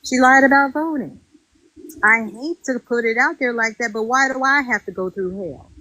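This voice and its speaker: A woman, a former reality show contestant, telling her story in a casual interview, animated and indignant, acting out what others said. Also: on the high side, moderate pace, low-quality recording. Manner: animated and indignant, acts out quotes.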